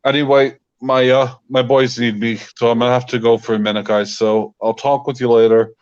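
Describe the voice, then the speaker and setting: A man's voice: mid-range voice, little pitch movement, a little fast, a little mellow, smooth, highs cut off. A man, a guest in a casual chat, venting his frustration with lots of fillers. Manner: frustrated ranting with many fillers.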